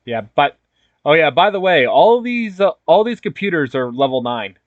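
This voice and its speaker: A man's voice: a little high, very animated, normal speed, no echo. A young man hosting a video game tournament, commentating in an easygoing, matter-of-fact way. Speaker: tournament host. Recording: dull, dry mic sound.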